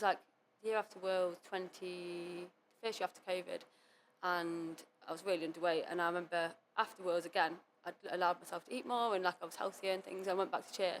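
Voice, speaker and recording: A young adult woman speaking as a podcast guest, telling her story candidly in quick run-on sentences full of "like". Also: lowish voice, slight background noise. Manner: fast, run-on speech full of "like" and quoted self-talk. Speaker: podcast guest, competitive cheerleader. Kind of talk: candid interview talk.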